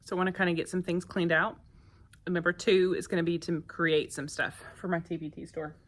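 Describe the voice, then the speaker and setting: A woman's voice: lowish voice, flat delivery, brisk. A woman, a first grade teacher chatting casually to her phone camera in her classroom, with lots of fillers and asides. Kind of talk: casual vlog chat.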